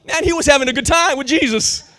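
A man preaching a sermon with fervor, slangy and full of restarts, often building up to shouting. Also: extremely high pitch, fast talker.

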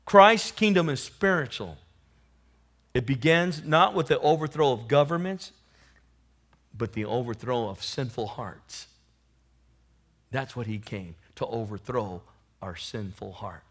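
A man preaching a sermon, swelling into loud emphatic peaks and then dropping low, calling out to his congregation for responses. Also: lively intonation, a little slow, long pauses.

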